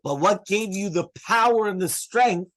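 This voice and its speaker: A man teaching a Torah class as a rabbi, animated, putting questions to his listeners and hushing them. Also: high-pitched, moderate pace. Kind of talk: Torah class to a live audience.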